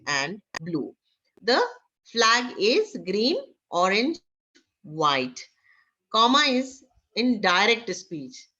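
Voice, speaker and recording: A woman teaching an online class with an Indian English accent, talking haltingly with many fillers. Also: medium pitch, bright, forceful tone. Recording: dull lo-fi online class audio.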